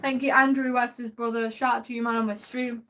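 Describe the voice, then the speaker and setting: A woman live-streaming a game, chatting warmly and excitably with her viewers and drawling a repeated sing-song catchphrase. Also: a little high, a little fast, noisy background. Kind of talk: live gameplay commentary.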